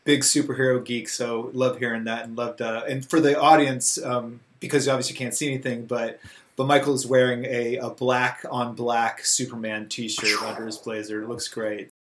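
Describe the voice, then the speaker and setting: A man's voice: mid-range voice, flat delivery, moderate pace, a little hiss or hum. Affirming man hosting an interview. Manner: affirming, wraps up with scripted thanks. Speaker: podcast host. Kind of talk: interview conversation.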